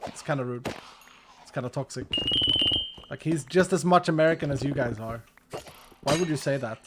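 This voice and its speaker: A man's voice: mid-range voice, moderate pace, noisy background. A man from Sweden with a Swedish accent, chatting casually on a game stream in a playful, rambling way. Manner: rambling, playful, joking tangents. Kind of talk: casual gaming stream chat.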